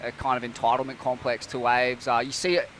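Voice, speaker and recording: A man's voice: medium pitch, flat delivery, brisk, a bit bright. A young man commentating a surf event, laid-back and rambling, calling people mate. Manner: laid-back, rambling, many fillers and restarts, says mate. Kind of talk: casual chat. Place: outdoors at a beach event.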